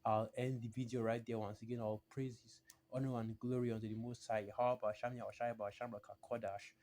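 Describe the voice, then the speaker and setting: Male preacher, mid-pitched, solo video talk; emphatic, repetitive, reads passages aloud forcefully. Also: level tone, a little fast. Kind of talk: solo religious video teaching.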